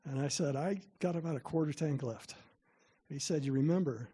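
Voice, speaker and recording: A man's voice: fairly high pitch, normal speed, mellow, husky. A middle-aged man giving a parent workshop, telling chatty, self-deprecating stories to the room. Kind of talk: storytelling talk to parents.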